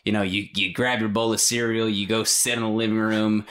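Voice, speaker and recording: A man's voice: fairly low pitch, level tone, fairly quick, a bit bright. A man in his thirties co-hosting a podcast, telling rambling stories and laughing along in casual chat. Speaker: podcast co-host.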